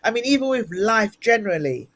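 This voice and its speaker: A woman appearing as an interview guest, a guest speaker and ministry leader, offers earnest motivational advice, repeating key points for emphasis. Her fairly high, expressive voice is brisk and a bit bright, coming through a video-call microphone.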